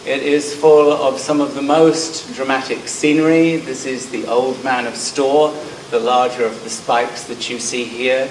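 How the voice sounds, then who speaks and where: With a flat delivery and measured pace, a medium-pitched middle-aged man gives a conference presentation in a hall; he's from Scotland yet has a southern English accent. He's self-deprecating and says um a lot, recorded from a distance with roomy sound and slight background noise.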